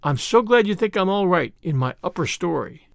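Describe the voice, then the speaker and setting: A man's voice: high voice, lively intonation, normal speed, creaky, dry recording, studio quality. A man reading an earnest little boy. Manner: polite, old-fashioned, earnest talk.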